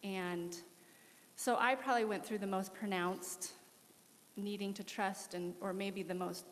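A woman's voice: mid-range voice, measured pace. Candid woman in an echoey church. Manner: candid, animated storytelling with laughs. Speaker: missionary guest. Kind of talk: testimony in a church interview. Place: church worship center.

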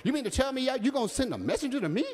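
A man's voice: high voice, expressive, normal speed, voice pushed up. A man preacher voicing a proud, furious army captain who is outraged at being slighted. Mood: indignant. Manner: indignant, pompous outrage. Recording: reverberant hall.

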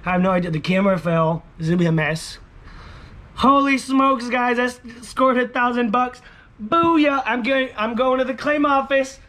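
A man who vlogs about scratching lottery tickets, talking casually to his viewers and yelling catchphrases. His voice sounds hoarse from shouting, and he sounds close to a camera set on a table indoors. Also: very high-pitched, a little fast, hardly any pauses.

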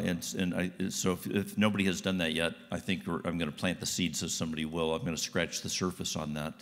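A man's voice: low-pitched, fairly bright tone, in a large hall. A man giving a guest sermon in a church, folksy and conversational. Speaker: guest speaker. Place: church sanctuary.

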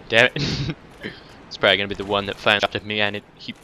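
A man doing casual let's-play commentary, cursing and taunting enemies, dropping to mutters and then breaking into loud outbursts. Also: on the low side, fast talker, clean tone. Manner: profane, talks back to enemies, swings between mutters and outbursts. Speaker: gameplay commentator.

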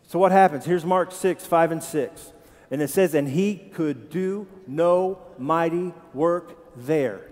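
A pastor preaching a sermon, animated and quizzing his congregation with questions. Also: fairly high pitch, unhurried. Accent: Ohio. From Tennessee. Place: church sanctuary. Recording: church hall with long reverb.

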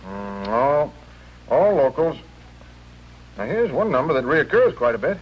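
Cynical hotel clerk, lively voice, dull old recording. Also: male voice, medium pitch, unhurried, husky. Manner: dismissive, wisecracking. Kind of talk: 1950s TV drama acting. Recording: dull 1950s TV audio with faint hiss.

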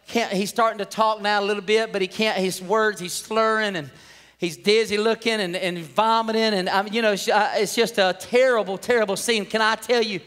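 High, bright-voiced man preaching. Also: steady tone, normal speed. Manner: earnest, emotional storytelling. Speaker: pastor. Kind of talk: sermon. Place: church sanctuary. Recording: long church hall reverb.

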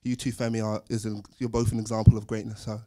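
A man's voice: on the low side, flat delivery, fast talker, dark tone. A man in the audience, an actor himself, giving an admiring comment and fumbling his words.

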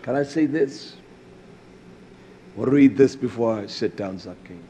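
A man preaching a fiery sermon, swinging from loud outbursts to low murmurs, with a husky voice. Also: a little slow, slight background noise.

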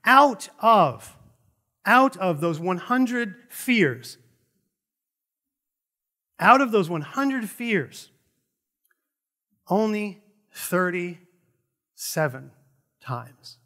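A middle-aged man preaching a sermon in a high, bright voice. He swings up and down in pitch as he talks. He keeps it conversational and throws in jokey asides to the people in front of him. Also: very animated, drawn-out words, pauses often. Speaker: pastor.

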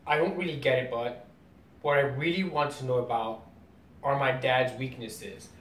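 A man's voice: normal speed, a bit bright, close to an everyday voice. A man reading the lines of a cocky young male ninja student from a comic, plainly. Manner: reads comic dialogue plainly. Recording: roomy distant mic, faint rumble.

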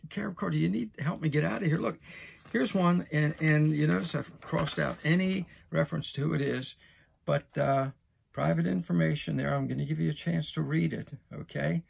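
A man in his sixties hosting a talk show, chatting in a rambling way with many restarts and fillers. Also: on the high side. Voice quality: gravelly, husky. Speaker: host. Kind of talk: casual talk show monologue.

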